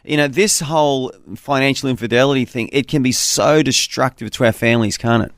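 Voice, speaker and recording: Radio host, male, mid-pitched, conversational storyteller, dry close studio sound. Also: no room sound. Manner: warm conversational storyteller, slows to repeat phone number. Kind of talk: call-in radio talk.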